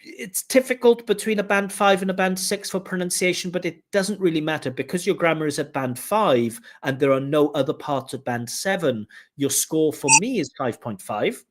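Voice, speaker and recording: At a moderate pace and fairly high pitch, a man working as a speaking-test examiner walks a candidate through his scores in a direct, explanatory way. He uses "duh duh" to mimic flat intonation. There's slight background noise.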